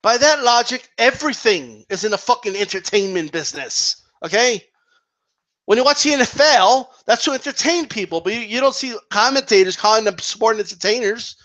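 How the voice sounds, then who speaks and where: A man's voice: extremely high pitch, animated, normal speed, fairly bright tone. A man delivering an exasperated, profane rant about wrestling, often ending points with "okay?" or "right?". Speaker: wrestling commentary vlogger. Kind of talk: ranting opinion monologue.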